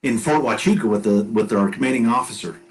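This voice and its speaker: A man guest on a casual podcast, telling a lively flight story and acting out the crew's dialogue. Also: mid-range voice, fast, gravelly, low-quality recording. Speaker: guest, former Marine aircrewman.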